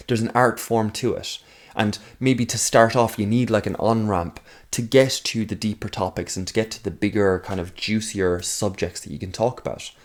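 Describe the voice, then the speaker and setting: A man with a fairly low voice talks straight to camera in a loose, unscripted monologue. He wanders off on tangents, fills pauses with "um" and "like", and now and then argues back at himself before returning to his point. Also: a little mellow. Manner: rambling, thinks aloud with many fillers and asides; argues with himself in a mock second voice. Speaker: video essayist. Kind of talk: casual talking-head monologue.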